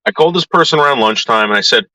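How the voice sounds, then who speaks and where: A man's voice: medium pitch, lively intonation, rapid-fire, sharp tone, no echo, rough recording. A man ranting to his viewers in a vlog, swearing often and talking in an agitated way. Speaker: YouTuber.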